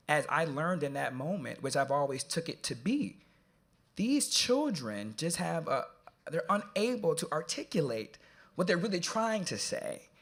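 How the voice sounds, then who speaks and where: A man moderating a live event, telling an animated, jokey story to the audience that turns quiet and earnest. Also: a little high, gravelly.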